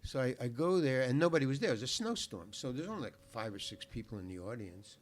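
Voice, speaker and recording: An older man appears as a talk show guest, telling a long, rambling anecdote in a medium-pitched, expressive voice at a quick pace. He's laid-back, repeats words, and curses freely.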